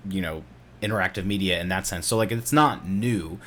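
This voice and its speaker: A man's voice: low voice, a little fast, a bit bright, slight background noise. A man co-hosting a casual gaming podcast, laid-back and hedging his opinions. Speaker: podcast co-host.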